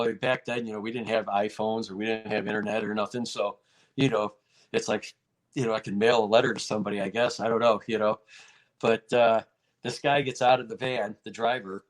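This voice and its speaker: A man with a fairly low voice tells a story in a relaxed interview. He talks casually and animatedly, and his pitch jumps when he acts out what people said. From United States. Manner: animated, acts out quotes in a raised voice. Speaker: martial arts federation president, guest.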